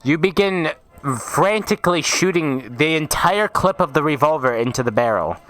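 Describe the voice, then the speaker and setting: A man's voice: on the high side, lively intonation, moderate pace, a crowd in the background, low-quality recording. A young man narrating a tabletop game as game master, casual and teasing, often stumbling over words.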